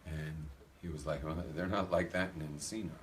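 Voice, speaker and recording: A man's voice: rumbling low, normal speed, a little hiss or hum. A rabbi telling funny anecdotes to an audience, acting out the dialogue as he goes. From United States. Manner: animated anecdotal storytelling, acts out dialogue. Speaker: rabbi giving a talk. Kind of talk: storytelling talk to a live audience.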